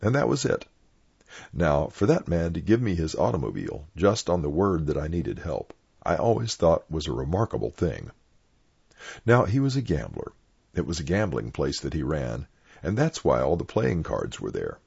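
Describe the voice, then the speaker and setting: An older man, a clergyman, reading his own personal anecdotes aloud in a plain, unhurried storytelling manner. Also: very deep voice, sing-song, gravelly, a little mellow, slightly rough, dry recording. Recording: dull lo-fi dry recording.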